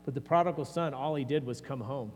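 A man's voice: mid-range voice, fast. A man preaching a sermon as pastor, earnest and conversational, often restarting his phrases. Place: church sanctuary. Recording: long hall reverb, faint mains hum.

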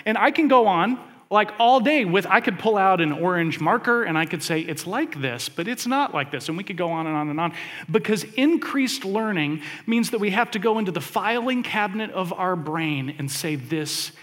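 High-voiced man preaching in a reverberant hall. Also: normal speed. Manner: conversational, animated, with hesitant fillers. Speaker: pastor. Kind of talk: sermon.

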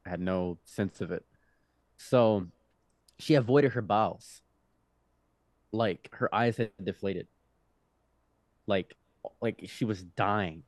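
A young man in his twenties, a podcast guest telling a story in a loose, animated way, with laughs, restarts and swearing. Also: on the low side, slow, pauses often, dry recording. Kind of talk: casual storytelling.

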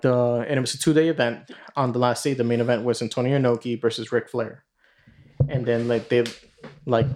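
Rambling, swearing man telling a story. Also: medium pitch. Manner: rambling, full of fillers and swearing. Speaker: podcast host. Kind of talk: casual storytelling.

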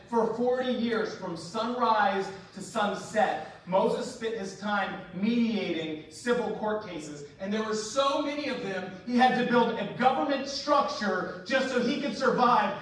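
High-voiced pastor in an echoey hall. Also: male voice. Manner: animated storytelling with humor, dropping to quiet earnest appeals. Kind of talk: sermon. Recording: echoey hall, mic at a distance, faint noise.

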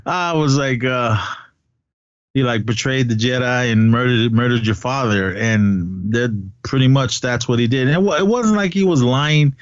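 A man's voice: medium pitch, moderate pace, dry recording. A man in his forties co-hosting a casual fan chat, enthusiastic and rambling with many fillers. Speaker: podcast co-host. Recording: dull dry sound.

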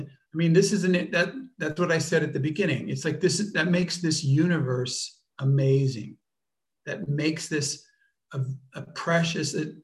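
A man teaching a workshop off the cuff, speaking deliberately and searching for words with frequent restarts. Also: on the high side. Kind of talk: unscripted workshop talk.

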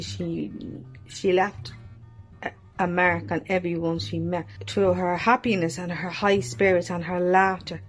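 A woman quietly reminiscing about a close friend in a personal tribute. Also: lowish voice. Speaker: friend sharing memories.

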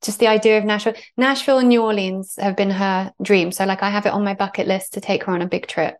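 A woman's voice: medium pitch, steady tone, fast talker. A British woman hosting a podcast, chatting casually and laughing often. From United Kingdom. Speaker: podcast host. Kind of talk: casual chat.

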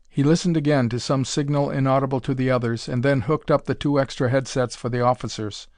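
A man in the middle of his range narrates a story at a measured, plain pace. The recording is close and dry, with no room sound at all. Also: mid-range voice, steady tone, a little mellow, no echo. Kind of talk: storybook reading of pulp science fiction.

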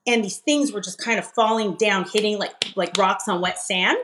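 A middle-aged woman, a podcast guest, telling a personal story in an emphatic, animated way with frequent laughs. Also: medium pitch, moderate pace, background noise. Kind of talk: conversational storytelling interview.

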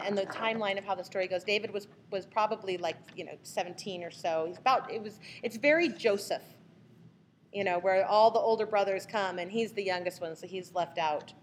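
A woman leading a casual Bible study, retelling the story in a lively way and acting out the people in it. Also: medium pitch, slight background noise. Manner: animated, acts out the people in the story.

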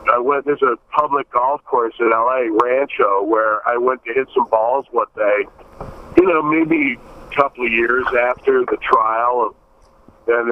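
A man's voice: mid-range voice, phone-quality sound. A man from Buffalo telling stories in a casual interview, breaking into voices for the people he quotes. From Buffalo, New York. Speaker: guest.

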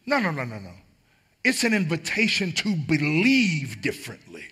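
A man's voice: on the high side, wildly swooping pitch, normal speed, sharp tone, breathy edge. A man preaching a sermon as pastor, emphatic and building on repeated phrases.

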